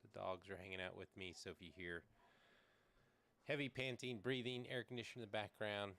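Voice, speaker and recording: Gravelly low-voiced middle-aged man. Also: brisk. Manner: rambling, relaxed, thinks aloud with fillers. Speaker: streamer. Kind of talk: casual live-stream chat. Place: small backyard shed with air conditioner running. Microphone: desk microphone, sometimes leaning away.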